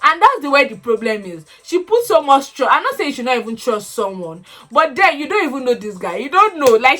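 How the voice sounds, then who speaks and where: Bright, animated woman reacting to reality TV. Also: on the high side. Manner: animated, laughs often, exclaims at the screen. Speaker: reality TV commentator. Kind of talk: casual recap commentary.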